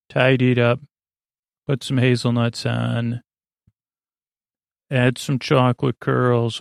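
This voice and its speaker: A man's voice: medium pitch, gravelly, darkish tone, dry recording, studio quality. A man hosting a sleep podcast, recapping a TV episode in a meandering way with many filler words and self-corrections. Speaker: podcast host.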